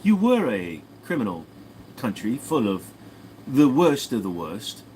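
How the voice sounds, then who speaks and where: A man's voice: mid-range voice, big pitch swings, measured pace, a little mellow, a little hiss or hum, rough recording. A man voicing a prim, condescending British man in a put-on British accent, mock-polite.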